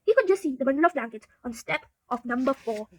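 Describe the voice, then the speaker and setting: A woman's voice: high voice, lively intonation, quick pace, a little mellow, breathy edge, no echo, low-quality recording. A woman narrating a storybook aloud, reading steadily with occasional stumbles.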